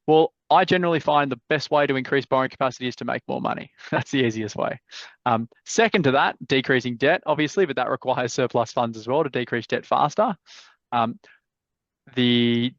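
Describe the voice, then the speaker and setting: A man's voice: mid-range voice, no echo. An Australian man hosting a live property mentorship call, giving blunt, laid-back advice and swearing freely. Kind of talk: casual advice chat. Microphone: video call. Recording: dull, dry video-call audio.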